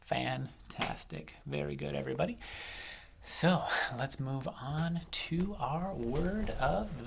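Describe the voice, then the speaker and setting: A man teaching an online lesson to young children, slow and deliberate, playful and animated, stretching out his words. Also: medium pitch, vocal fry. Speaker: primary school teacher.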